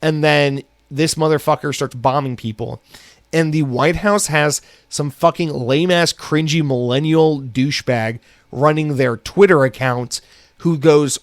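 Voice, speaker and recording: A man's voice: on the high side, unhurried, no echo. A man hosting a solo podcast, from the United States, ranting angrily with heavy profanity. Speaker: podcast host.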